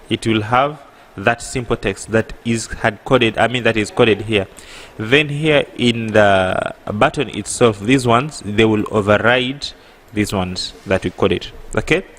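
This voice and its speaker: A man with an East African accent teaching an app coding tutorial, halting and correcting himself, often pausing with a rhetorical "what?". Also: medium pitch, fairly bright tone. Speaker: programming tutor. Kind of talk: screen-recorded coding tutorial.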